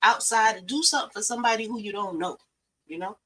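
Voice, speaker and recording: Blunt, bright-voiced woman lecturing listeners. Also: mid-range voice, quick pace, breathy edge, rough recording. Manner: blunt, profane, emphatic. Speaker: podcast host. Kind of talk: preachy motivational talk.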